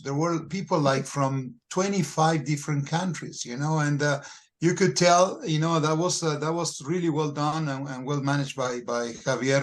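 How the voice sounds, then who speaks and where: A man co-hosting a podcast in casual chat, halting and full of fillers as he talks. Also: on the high side. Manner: halting, many fillers and restarts. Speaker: podcast co-host.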